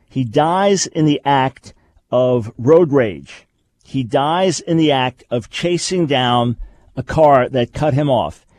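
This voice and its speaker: A man's voice: mid-range voice, darkish tone, no echo. A man hosting a radio talk show, teaching in an emphatic way and repeating his key phrases.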